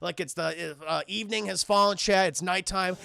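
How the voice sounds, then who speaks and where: A man's voice: high-pitched, fairly even intonation, moderate pace, gravelly, pushed and bright. A young man recapping a film on a live stream, swearing freely and constantly addressing his chat.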